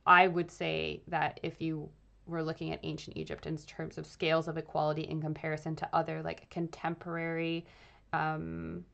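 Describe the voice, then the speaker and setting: A woman's voice: low-pitched, vocal fry. A young woman from the UK streaming a game and chatting casually with viewers, thinking aloud with many fillers. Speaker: streaming host and archaeologist. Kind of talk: casual live-stream commentary.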